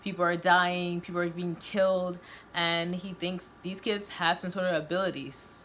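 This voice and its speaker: A woman reading a first-person novel aloud, expressive and voicing each character. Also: fairly low pitch, normal speed, a little hiss or hum. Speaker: reader of her own novel.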